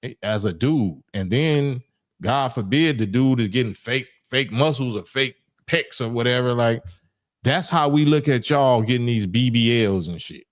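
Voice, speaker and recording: A man's voice: medium pitch, moderate pace. A middle-aged man from Los Angeles hosting a livestream call-in, talking bluntly in casual street slang with frequent restarts. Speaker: livestream host.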